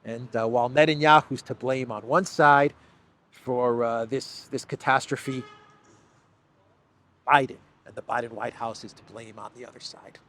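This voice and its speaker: A man's voice: medium pitch, steady tone, normal speed, a bit bright. A man hosting a solo news commentary, talking in an emphatic, sarcastic way with frequent restarts. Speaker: political commentary host.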